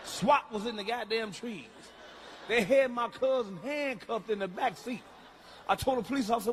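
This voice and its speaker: Male stand-up comic with a very high pitch, brash delivery, noisy recording. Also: moderate pace, a bit bright. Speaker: stand-up comedian. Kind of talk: stand-up comedy. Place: stage in front of a crowd.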